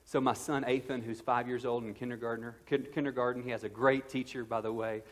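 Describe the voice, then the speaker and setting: Pastor preaching in a reverberant church. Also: male voice, mid-range voice, flat delivery, a little fast. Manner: earnest, conversational preaching with playful asides and repeated restarts. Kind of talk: sermon. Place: church sanctuary. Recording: long reverb of a church hall.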